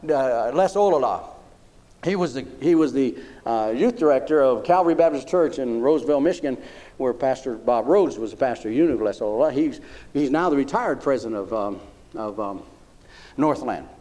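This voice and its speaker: A man's voice: mid-range voice, expressive, moderate pace, warm tone. A man preaching a folksy sermon, often asking his congregation "Huh?".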